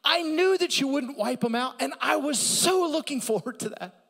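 A man's voice: very high voice, animated, moderate pace, a bit bright, long reverb tail, pitched above the performer's own voice, full character voice. A man voicing an indignant, resentful male prophet, exasperated and emphatic.

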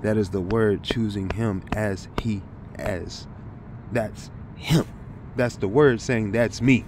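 Slow, halting man teaching scripture. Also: on the low side, a little hiss or hum. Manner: thinking aloud, halting restarts, bursts of excited realization. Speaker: Bible teacher. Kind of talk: informal scripture study talk.

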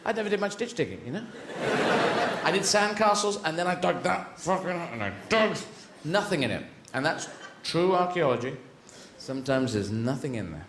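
A rambling stand-up comedian with a lively voice that swings all over, often climbing high as he gets carried away. He swears freely and keeps slipping into little voices, heard in an echoey venue with steady background noise. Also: normal speed. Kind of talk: live stand-up routine.

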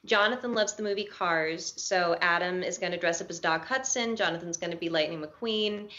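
A woman's voice: lowish voice, normal speed, fairly bright tone, muffled recording. A woman in her thirties, a talk show guest, chatting in a bubbly, self-deprecating way and laughing often. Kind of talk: late-night talk show chat.

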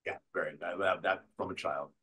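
An older man, an actor being interviewed, telling stories from his life and career in a lively way, acting out the voices of people he quotes. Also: low voice, brisk, breathy edge, low-quality recording. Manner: animated storyteller who acts out quotes. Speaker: guest actor. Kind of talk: conversational interview storytelling.

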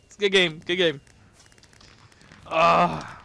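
A gaming channel host doing let's-play commentary, hyper and excitable, jumping between sudden yelps and low mutters and trash-talking opponents. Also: slow pace, creaky, dry recording.

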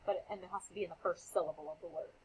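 A woman's voice: fairly low pitch, fairly even intonation, racing, breathy edge, poor audio. A young woman teaching a classroom phonics lesson, calling on students by name and repeating their answers with encouragement. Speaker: elementary school teacher.

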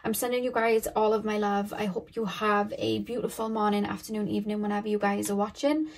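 A woman's voice: medium pitch, fairly even intonation, fairly quick. Chatty woman doing a tarot reading. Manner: loose and rambling, thinking aloud with many fillers. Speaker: tarot card reader. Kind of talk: casual pick-a-card tarot reading.

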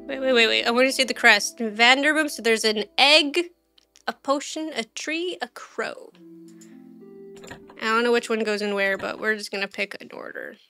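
A woman's voice: on the high side, normal speed, pushed and bright, faint music behind. A woman streamer giving casual let's-play commentary, chatty, thinking aloud and quizzing the game characters.

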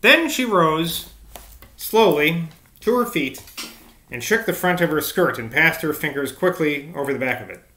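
A man's voice: fairly high pitch, animated, unhurried, sharp tone, echoey room. A man reading a novel aloud, informal and chatty, breaking off with casual asides. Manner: informal, chatty, self-interrupting. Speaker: audiobook reader.

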